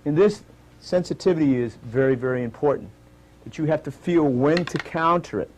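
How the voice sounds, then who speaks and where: A man instructing a martial arts demonstration, calm and methodical, calling out each move and repeating "notice" and "okay" as he walks through it slowly. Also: on the high side, slight background noise. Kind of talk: live demonstration teaching. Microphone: stage demonstration recording.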